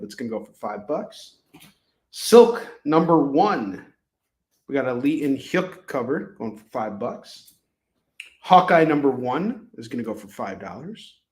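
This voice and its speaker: A man hosting a live comic-book sale, pricing issues in jokey, rambling sales patter. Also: medium pitch. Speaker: host selling comics. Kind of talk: live shopping stream. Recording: echoey room.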